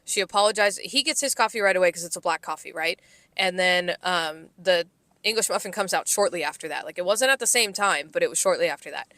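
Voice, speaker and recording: Bright-voiced woman venting with profanity. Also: fairly low pitch, fast talker, dry recording. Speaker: podcast co-host. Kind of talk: casual storytelling chat.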